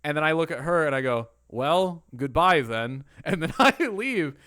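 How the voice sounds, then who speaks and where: A man co-hosting a casual podcast chat, telling animated stories and acting out what other people said. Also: a little high, moderate pace. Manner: animated storyteller who acts out other people's lines. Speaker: podcast co-host.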